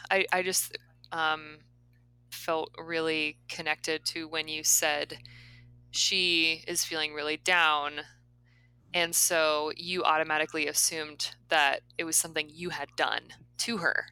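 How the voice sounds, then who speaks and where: A woman with a low but bright, crisp voice talks candidly in a relaxed podcast chat. She pauses often and fills her sentences with little hesitations as she works through her thoughts. Her tone is smooth and clear. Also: low-quality recording. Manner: thoughtful, hesitant, many fillers. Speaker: podcast co-host asking the questions. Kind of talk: casual candid conversation.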